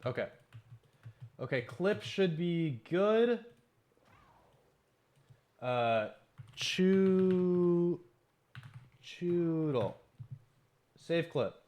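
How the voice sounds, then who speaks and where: Young male streamer, slightly high voice, casual joking chat, swears a lot, desk mic. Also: very animated, very slow, pauses often, darkish tone.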